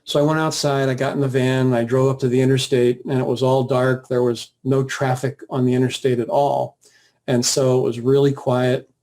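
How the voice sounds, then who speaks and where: Man, warm darker tone, earnest personal testimony, plain-spoken, steady storytelling. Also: mid-range voice, normal speed. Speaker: guest sharing a personal story.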